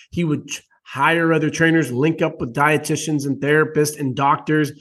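Blunt, animated male podcast host. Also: on the high side, breathy edge. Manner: blunt, profane and animated, jumps into mock quotes. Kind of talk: casual interview chat.

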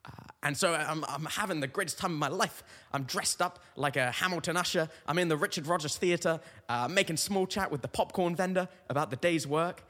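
Rambling young comedian in a reverberant space. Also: male voice, fairly high pitch, a little fast, sharp tone. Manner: meandering, self-mocking storytelling with tangents. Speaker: comedian podcast host. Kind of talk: rambling comic monologue.

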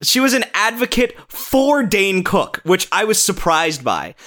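A man sharing quick, opinionated stories as a podcast co-host in casual chat. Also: high voice, big pitch swings, sharp tone. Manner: quick, opinionated storytelling with some swearing.

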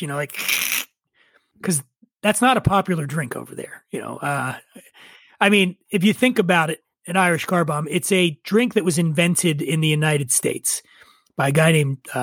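High-voiced man telling a rambling tale. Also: vocal fry, a bit bright, no room sound. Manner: rambling, profane, wry asides. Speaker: guest. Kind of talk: casual storytelling chat.

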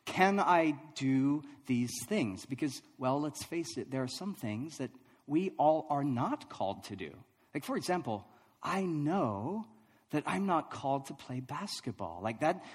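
A man preaching a sermon, telling a funny personal story with lively, self-deprecating delivery and frequent laughs. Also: on the high side, measured pace, husky, long reverb tail. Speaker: pastor.

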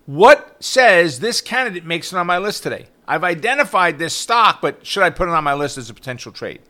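Lively bright-voiced man teaching trading. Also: high-pitched, fairly quick. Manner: animated, rhetorical questions, frequent "right?". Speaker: trading coach podcast host. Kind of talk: energetic teaching monologue.

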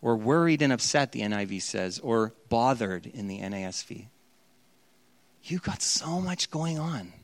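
A man preaching a sermon as pastor, in an animated, conversational way that acts out quoted voices. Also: medium pitch, unhurried.

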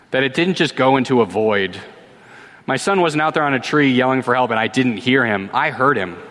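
A man, a pastor in his thirties, preaching and answering questions in a relaxed, conversational way, often repeating a word as he starts a sentence. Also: medium pitch. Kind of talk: sermon with Q&A. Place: church sanctuary. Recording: long reverb of a church hall.

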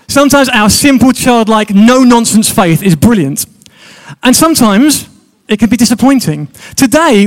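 High-voiced man preaching a sermon. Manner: chatty, joking with the congregation.

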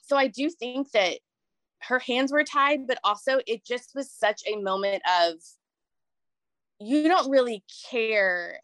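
A woman's voice: on the high side, measured pace, fairly bright tone, no echo. A woman in casual chat, telling a personal story in a rambling, emotional way with many restarts. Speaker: guest sharing a story.

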